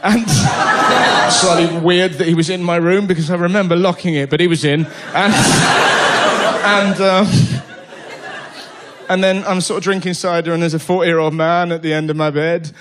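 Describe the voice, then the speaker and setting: A man performing a stand-up routine, telling animated stories and shouting punchlines in a theatre. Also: sits high, normal speed. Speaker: stand-up comedian. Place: theatre stage. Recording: live theatre with loud laughing crowd and noise.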